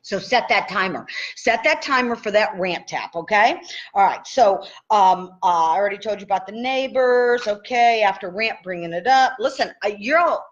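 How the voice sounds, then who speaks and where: A woman in her sixties coaching tapping in a casual live session, chatty and animated, checking in with listeners often. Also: medium pitch, moderate pace. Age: 60s. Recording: dull lo-fi live stream audio.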